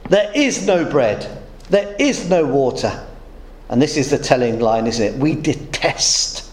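A man's voice: high-pitched, a little hiss or hum. Preacher man in a roomy church. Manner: storytelling with humorous anecdotes. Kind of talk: sermon. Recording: roomy echo.

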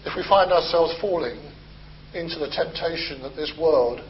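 Male preacher, light high voice, easygoing expository sermon on a muffled lo-fi recording. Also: moderate pace, slight background noise. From Britain. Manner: conversational, gently humorous expository preaching.

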